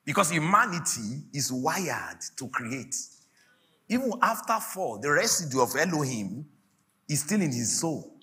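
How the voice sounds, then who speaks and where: A man preaching a sermon as a pastor, giving prophetic declarations that swell into shouts about laughing. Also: fairly high pitch, sing-song, unhurried. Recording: faint music behind the preaching.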